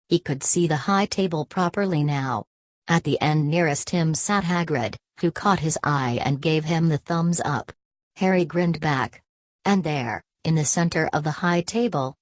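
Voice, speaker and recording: A woman narrating an audiobook in a steady, measured way. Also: deep voice, dry recording.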